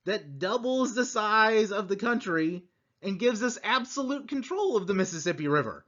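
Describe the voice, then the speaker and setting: A man teaching a conversational history lecture, animated and full of rhetorical asides. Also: high voice, moderate pace, muffled recording.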